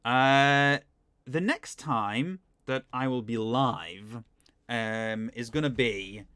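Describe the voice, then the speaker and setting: A man's voice: mid-range voice, very slow, bright, forceful tone, smooth, no room sound, studio quality. A man streaming a game playthrough, talking casually and chattily, often giggling and stumbling through fillers and restarts. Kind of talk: casual live-stream commentary.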